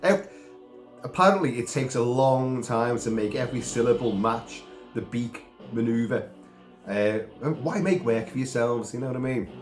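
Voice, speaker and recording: A man's voice: mid-range voice, normal speed, roomy sound, soft background music. A man, sick and coughing, giving a rambling casual film review with asides and mild swearing.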